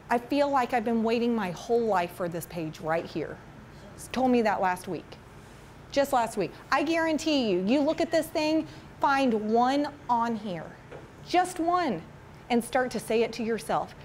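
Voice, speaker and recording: Woman presenter, higher voice, chatty and animated, quizzes the audience, slight background noise. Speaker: school parent education presenter. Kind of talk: casual presentation to parents. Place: meeting room with an audience.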